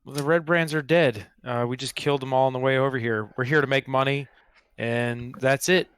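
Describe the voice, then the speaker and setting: A man's voice: medium pitch, steady tone, a little fast, fairly bright tone, clear, resonant tone, dry recording. Brash man playing a tabletop game. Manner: cocky, brash. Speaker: player. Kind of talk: in-character game banter.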